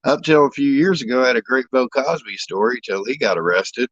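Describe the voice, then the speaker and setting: A man's voice: mid-range voice, animated, brisk, a bit bright, no room sound, lo-fi sound. A man from the American Midwest, casually chatting and telling long rambling anecdotes with some swearing. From Indianapolis, United States. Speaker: storyteller in a chat. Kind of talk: casual chat.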